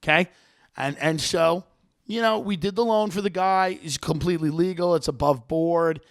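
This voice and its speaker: Podcast host guy telling a funny story, high raspy voice, super animated. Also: moderate pace. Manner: animated, acts out people in the story. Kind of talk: comedic storytelling.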